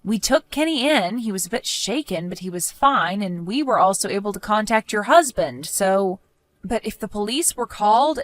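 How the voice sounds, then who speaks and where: Firm, lively woman narrator. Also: medium pitch, normal speed, no room sound. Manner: firm, scolding. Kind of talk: first-person story narration.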